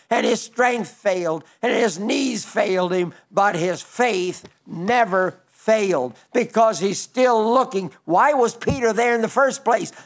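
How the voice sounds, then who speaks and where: A man with a notably high voice delivers a sermon. He speaks earnestly, piling up rhetorical questions to drive his message home. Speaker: preacher.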